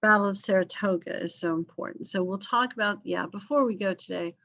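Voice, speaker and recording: A woman teaching a history class online in a relaxed, conversational way, with frequent fillers and apologetic asides. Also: medium pitch, a little fast, creaky, lo-fi sound. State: coughing, yawning.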